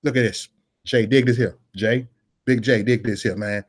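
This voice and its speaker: A street dude leans in and coaxes his buddy over in a hushed, slangy voice. He has a Chicago accent, and a man puts the voice on. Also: mid-range voice, fairly even intonation, normal speed, lightly acted. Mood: coaxing. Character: street guys calling Jesus over, casual men.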